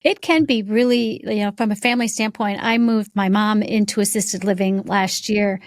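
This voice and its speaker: A woman hosting a podcast interview, asking questions and sharing personal asides in a relaxed way. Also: mid-range voice, moderate pace, no room sound. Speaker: podcast host. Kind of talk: conversational interview.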